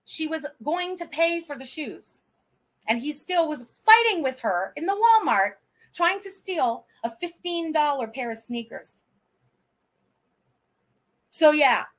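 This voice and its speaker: A woman's voice: high-pitched, fairly bright tone. A woman in her thirties hosting a livestream, chatting casually in a blunt, profane and indignant way, rambling with restarts. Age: 30s. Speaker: livestream host.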